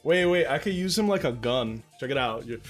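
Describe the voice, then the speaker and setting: A man's voice: medium pitch, lively intonation, fairly quick, soft background music. A young man streaming from home, chatting casually to his viewers and cooing baby talk at his cat, swearing now and then. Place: at home indoors. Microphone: desk mic, handled up close.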